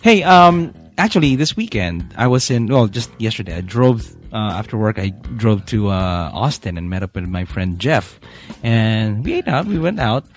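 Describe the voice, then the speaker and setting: A man's voice: on the low side, sing-song, normal speed, few pauses, faint music behind. A man co-hosting a casual podcast, chatting in a rambling way with lots of fillers and laughs. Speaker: podcast co-host. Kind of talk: casual chat. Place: Houston, Texas studio.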